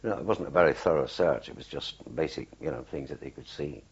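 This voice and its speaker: An older man, a war veteran, recalling his experiences in an oral history interview, telling it haltingly with many fillers and restarts. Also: very deep voice, slightly rough, dull audio.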